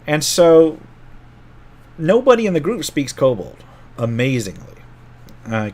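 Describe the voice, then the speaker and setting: A middle-aged man, a game master, casually telling a rambling story from an old tabletop game and often correcting himself as he goes. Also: medium pitch.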